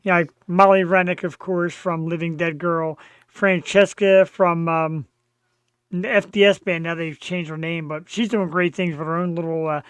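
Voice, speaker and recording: A man's voice: on the high side, flat delivery, moderate pace, a bit bright, smooth, no room sound. A man hosts a live show from his home studio, talking casually with a brash, profane edge that hypes up his listeners. The sound is dry and close, with no room around it. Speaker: show host.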